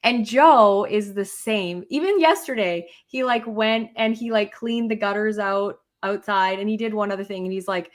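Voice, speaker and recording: A woman's voice: on the high side, normal speed, hardly any pauses. A woman co-hosting a podcast, chatting casually and frankly with plenty of "like". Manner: candid, frank, sprinkled with "like". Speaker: podcast co-host. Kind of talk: casual chat.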